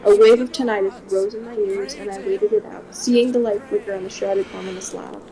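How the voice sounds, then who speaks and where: A woman's voice: medium pitch, fairly quick, rough recording. Woman reading a gothic horror novel. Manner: steady first-person reading, occasional swearing asides. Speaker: streamer.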